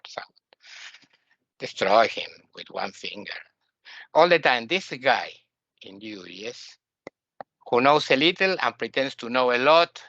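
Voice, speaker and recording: A man with an Argentinian Spanish accent teaches a spiritual lesson in English, his voice bright and forward. He talks in an animated, repetitive way, tossing off mocking asides. The sound is dry and a little dull, with no room around it. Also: medium pitch, no echo. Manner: animated, repeats words, mocks the ego in asides.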